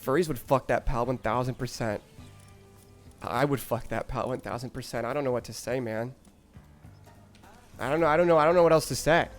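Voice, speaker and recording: A man's voice: mid-range voice, brisk, pauses often, soft background music. A man streaming a game, rambling and joking with chat in crude casual talk, often stammering.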